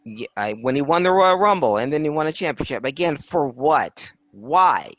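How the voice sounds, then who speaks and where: A man's voice: a little high, lively intonation, moderate pace, fairly bright tone, no room sound, dull audio. A man on a casual wrestling podcast, ranting in exasperation and repeating his questions.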